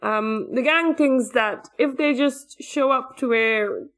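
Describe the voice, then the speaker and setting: A woman's voice: fairly high pitch, slow, a bit bright. A woman co-hosting a casual anime podcast, blunt and a little exasperated as she recaps the episode. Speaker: podcast co-host.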